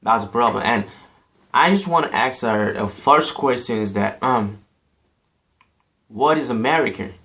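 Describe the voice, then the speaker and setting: A man's voice: medium pitch, animated, a little slow, long pauses, bright, forceful tone. A man from Africa giving a casual, emphatic opinion monologue, repeating himself and saying "you know" often. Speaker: vlogger.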